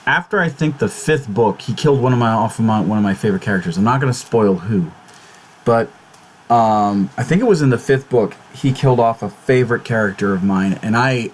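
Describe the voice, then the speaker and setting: A man hosting his own YouTube vlog talks casually and fretfully at medium pitch and a slightly fast pace. He swears a lot, exclaims, and repeats and restarts words in agitation. Slight background noise is present.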